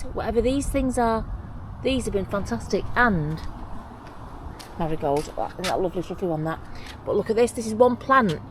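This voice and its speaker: A woman vlogs casually from her allotment, rambling and getting excited over her plants. Her voice sits a little low for a woman. A clip-on mic picks her up outdoors over a faint background hiss. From England. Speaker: allotment vlogger. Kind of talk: casual chat to camera.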